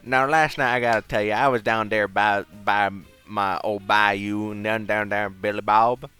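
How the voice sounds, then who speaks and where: A man's voice: fairly low pitch, fairly even intonation, normal speed, pushed and bright, smooth, soft background music. A man putting on a drawling Southern country storyteller. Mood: folksy rambling. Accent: US Southern drawl, put on. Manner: drawling, folksy, rambling. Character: rambling rural Southern US man, folksy storyteller.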